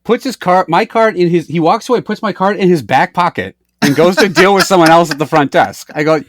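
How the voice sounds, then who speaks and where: A man's voice: high voice, a little fast, few pauses. A man co-hosting a podcast, telling a story in casual chat, acting out both sides and swearing freely. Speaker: podcast co-host.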